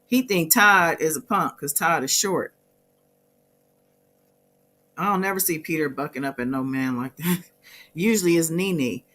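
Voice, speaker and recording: Sassy chatty woman with a bright voice. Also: sits low, unhurried, long pauses. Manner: sassy, chatty, laughs often. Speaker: host of a celebrity gossip channel. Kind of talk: casual reaction commentary.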